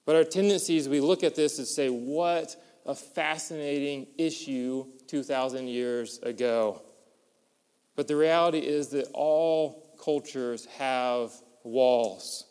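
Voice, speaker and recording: Animated pastor with a resonant voice. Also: male voice, mid-range voice, slow pace, smooth. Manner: animated storyteller, builds to excited peaks. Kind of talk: sermon with storytelling. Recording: long hall reverb.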